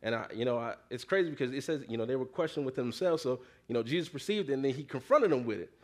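A man's voice: medium pitch, animated, racing. A man preaching a casual sermon, reading scripture and talking it through in a conversational, slangy way full of "you know" and calls for the congregation to answer back.

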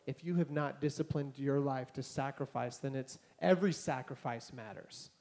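A man's voice: mid-range voice, normal speed, gravelly. A male pastor preaching a casual, conversational sermon to a congregation and acting out conversations as he tells stories. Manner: conversational, animated, acts out dialogue. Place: church hall before a congregation.

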